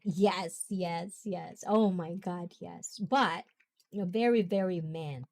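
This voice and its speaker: Slow, mellow-voiced woman. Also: mid-range voice. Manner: rambling, chatty, laughing often. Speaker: host. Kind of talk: casual talk.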